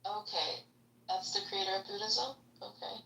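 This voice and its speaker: A woman's voice: medium pitch, moderate pace, creaky, bright, forceful tone. A woman co-hosting a podcast in casual chat, often laughing as she talks. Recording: echoey room, far from mic.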